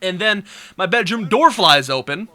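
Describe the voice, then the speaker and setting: Bright animated young man telling stories. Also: high voice, moderate pace. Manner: animated, crude, shrieks and mimics voices. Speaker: vlogger. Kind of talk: comedic storytelling vlog.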